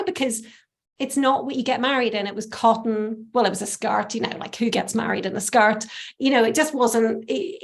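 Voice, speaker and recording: Lively woman telling a story. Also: fairly high pitch. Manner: animated, laughs often, acts out quoted voices. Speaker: stylist, interview guest. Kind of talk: conversational storytelling.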